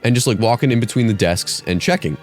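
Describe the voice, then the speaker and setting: A young man mock-grading an essay in a profane, theatrical comedic rant, his voice jumping very high when excited. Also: fast, soft background music. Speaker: comedy YouTuber.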